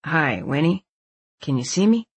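A woman voicing an easygoing young man, lowering her voice into a relaxed manner for an audiobook. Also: a little slow, husky, heavily acted.

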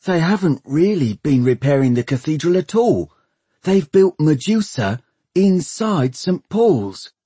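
A man playing a quick-witted young apprentice in a storybook, urgent and pressed. His voice rides high above the reader's own, husky and dry. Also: sing-song, no room sound, exaggerated voice. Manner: urgent, hushed then shouting.

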